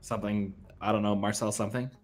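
A man's voice: flat delivery, fast talker, soft background music. A man co-hosting a game live stream in casual chat, joking around and reading chat suggestions aloud. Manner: joking, pitches ideas, reads chat aloud. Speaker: streamer co-host.

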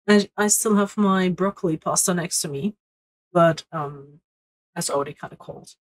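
Slow-talking bubbly young woman streamer. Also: fairly low pitch, rough recording. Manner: bubbly, chatty, talks to viewers. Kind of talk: live-stream gaming chat.

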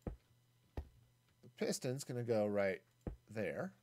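A man's voice: fairly low pitch, sing-song, extremely slow, a little mellow, a little hiss or hum. A man streaming a game solo, giving casual, rambling commentary as he builds, thinking aloud with self-mocking jokes and asides.

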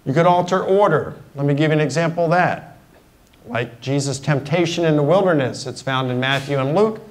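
A middle-aged man speaks fairly quickly with a fairly high pitch while giving a conversational university guest lecture, clarifying points with simple examples in a lecture hall. The recording quality is low.

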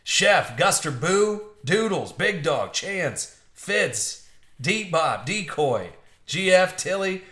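Upbeat guy opening card boxes on a live stream, kinda high pitched, roomy echo. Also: big pitch swings, takes it slowly, fairly bright tone. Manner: chatty, upbeat, jokey with viewers. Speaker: card break host. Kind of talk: live-streamed box break commentary. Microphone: streaming mic.

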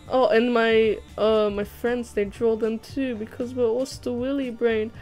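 A woman's voice: on the high side, little pitch movement, unhurried, few pauses, darkish tone, low-quality recording. A young woman chatting casually on a livestream while drawing, reading chat aloud, giggling and swearing now and then. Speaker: streamer. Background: background music.

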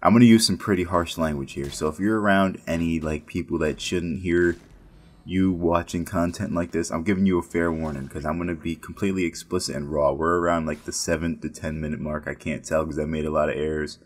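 A man's voice: low-pitched, steady tone, a little fast. A man casually telling a story about his work as a casino dealer, rambling and profane, with many restarts.

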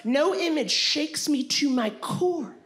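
A woman in her forties doing stand-up comedy in a sassy, animated way, often calling listeners honey. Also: sits high, slow. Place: stage before a live audience. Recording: loud live audience laughter.

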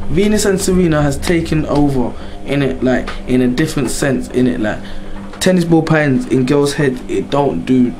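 A young man delivering a comedic rant to camera, slangy and animated, acting out little scenes. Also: mid-range voice, a little hiss or hum.

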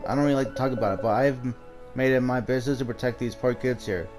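A man's voice: medium pitch, steady tone, fast, lightly acted. A man voicing a friendly, modest male guardian of poor children in a game scene over music.

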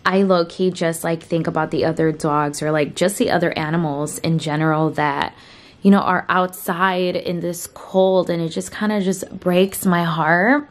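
A young woman chatting casually into her vlogging camera at home, peppering her talk with "like". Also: sits low. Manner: chatty, heavy use of "like". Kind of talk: casual vlog chat. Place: indoors at home.

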